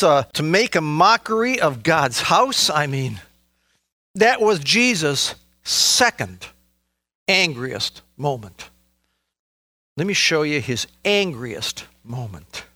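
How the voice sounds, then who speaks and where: Emphatic high-voiced male preacher. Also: no echo. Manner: emphatic, swings between loud and low. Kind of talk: sermon.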